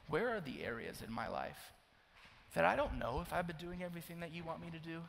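A young man from Oklahoma preaching a sermon to young adults, swinging between loud urgent pleading and hushed, near-whispered confession. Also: a little high, sing-song, moderate pace, creaky. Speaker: youth pastor. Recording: long hall reverb, faint noise.

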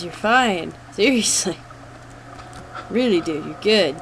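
A let's play host talks through a horror game with nervous gasps and groans, sliding widely up and down in pitch. The delivery drawls along slowly, and a faint hiss sits under the voice. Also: very animated, a bit bright, poor audio. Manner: jumpy, groans and gasps, nervously coaxes the character.

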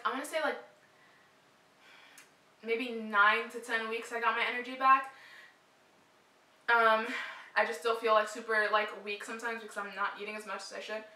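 A woman's voice: fairly high pitch, sharp tone, echoey room, far from the mic, low-quality recording. A young woman vlogger chatting casually to camera, short of breath, with a lot of "like" and "um". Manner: chatty, frequent "like" and "um" fillers.

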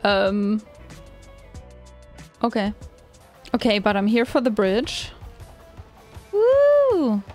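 A woman's voice: medium pitch, fairly even intonation, takes it slowly, pauses often, soft background music. A woman giving casual let's play commentary, chatty and easily startled. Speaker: gaming channel host.

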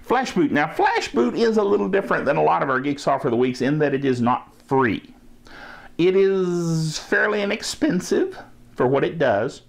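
A man's voice: fairly high pitch, lively intonation, normal speed, gravelly. A middle-aged man hosting a tech podcast, chatting casually with an enthusiastic, jokey manner. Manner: enthusiastic and jokey, laughs at himself. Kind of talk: casual tech news chat.

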